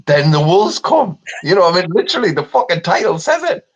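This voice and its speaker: A man co-hosting a casual chat, talking in an animated, sweary, mocking way. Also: sits high, brisk. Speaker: podcast co-host. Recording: dull lo-fi sound.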